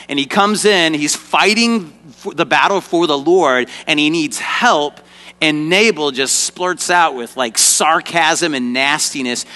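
In an echoey church hall, a man teaching children's ministry directs volunteers on stage and urges the kids watching to call out during an interactive Bible lesson. His voice is on the high side, pushed and bright.

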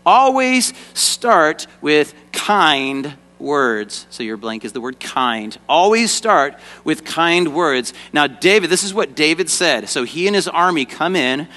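Guy running a kids bible lesson on a church stage, bright lively voice, big hall echo. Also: fairly high pitch, takes it slowly, few pauses. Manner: animated, directs volunteers on stage and prompts audience responses. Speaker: children's ministry teacher. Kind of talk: interactive kids' Bible lesson. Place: church stage before a kids' audience. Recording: echoey hall reverb.

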